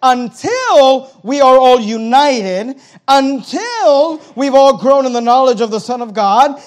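A middle-aged man preaching a sermon as pastor, emphatic, dropping now and then to a hush. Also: very high-pitched.

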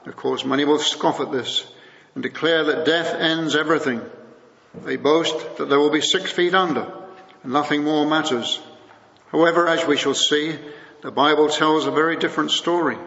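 A man delivering a sermon in a measured way, slowing down when he reads scripture aloud. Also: on the high side, vocal fry, a bit bright. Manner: measured, slows to read scripture. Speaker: preacher. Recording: muffled recording in a big echoing hall.

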